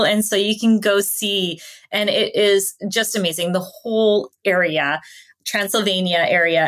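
A woman from Canada, a podcast guest telling lively travel stories and laughing along the way. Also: medium pitch. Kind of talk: casual interview storytelling.

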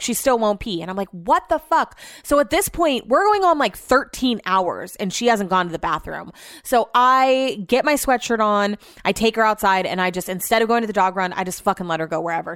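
A woman's voice: medium pitch, fairly bright tone, dry recording, clean studio sound. A young adult woman hosting a podcast, telling a story in a chatty, exasperated way and swearing freely. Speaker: podcast host. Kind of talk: casual storytelling monologue.

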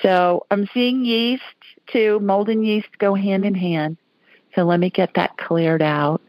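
A woman's voice: mid-range voice, fairly even intonation, takes it slowly, darkish tone, dry recording, low-quality recording. A woman from Alabama hosting a call-in radio show, talking in a chatty, folksy way. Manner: chatty, folksy, laughs easily. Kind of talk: casual call-in chat.

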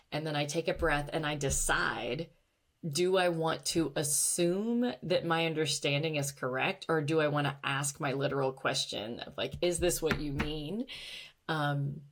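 A woman hosting a podcast, talking candidly and reflectively about her own life and sometimes laughing at herself. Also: low voice. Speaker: podcast host. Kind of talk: personal monologue podcast.

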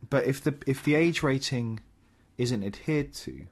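A man's voice: mid-range voice, lively intonation, measured pace. A man co-hosting a casual gaming chat show, talking in a rambling, explanatory way with many fillers.

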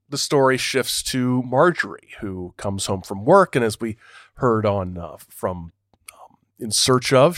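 A man's voice: mid-range voice, dry recording. Podcast guy reading from a book then chatting about it, stumbles and repeats himself, super dry mic. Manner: hesitant, repeats words while commenting. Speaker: podcast host.

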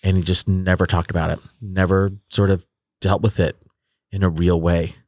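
Speaking at normal speed in a low, flat voice, a forty-something podcast host muses in a laid-back conversation. His sentences tend to fade out and restart. The sound is clean studio audio with no room sound.

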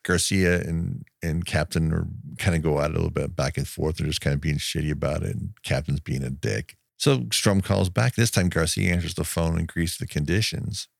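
A man's voice: low-pitched, fairly even intonation, a little fast, gravelly, few pauses, no room sound, clean studio sound. A man co-hosting a podcast, casually recapping a movie scene by scene with lots of laughing and swearing. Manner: laughing, profane, rambling recap. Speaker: podcast co-host.

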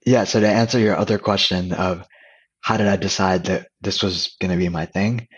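Brief: low, husky male guest, candid and loose, slightly dull lo-fi recording. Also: moderate pace. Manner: relaxed, candid, many fillers and restarts. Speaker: podcast guest. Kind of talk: casual conversational storytelling.

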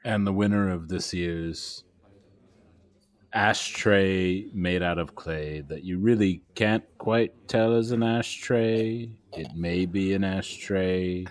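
A man doing a slow, deep awards announcer. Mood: deadpan. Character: male awards-ceremony announcer, droll and slow. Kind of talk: comedic improv bit.

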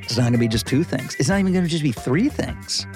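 A man's voice: fairly high pitch, lively intonation, fast, darkish tone, faint music behind. A man being interviewed as a guest actor, telling stories enthusiastically and putting on exaggerated voices for people he quotes. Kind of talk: casual interview chat.

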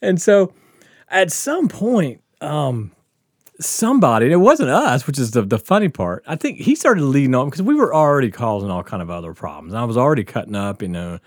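A man's voice: mid-range voice, sing-song, a little fast, dry recording, clean studio sound. A man casually telling a profane, laughing story from his school days on a podcast.

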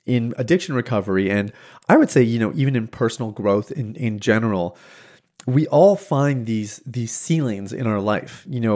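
Male podcast host, animated storyteller, mid-range pitch, restarts a lot, laughs easily. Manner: animated, acts out quoted voices, laughs easily; frequent restarts and filler words. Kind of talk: casual storytelling monologue.

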